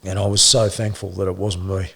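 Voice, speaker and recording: A middle-aged man, a former police officer, telling his story in an interview with blunt swearing and halting restarts. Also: sits low, little pitch movement, pushed and bright. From Australia.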